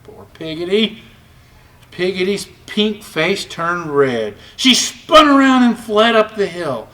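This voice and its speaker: Lively male storybook reader, slightly raised pitch, a little distant from the mic. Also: slow pace. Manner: expressive, varied storytelling. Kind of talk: children's read-aloud narration.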